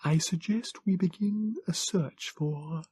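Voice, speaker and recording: A man's voice: sits high, takes it slowly, a little mellow, breathy edge, dry recording, pitched above the performer's own voice, heavily acted. A man voicing a frail, pedantic Morlock. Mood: faint. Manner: pedantic, clipped and formal. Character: frail small male Morlock, precise scholar.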